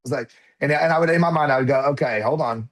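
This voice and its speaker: A man in his thirties, a podcast guest, talks fast in a mid-range voice while telling a personal story in conversation. He's animated and acts out the things his children said.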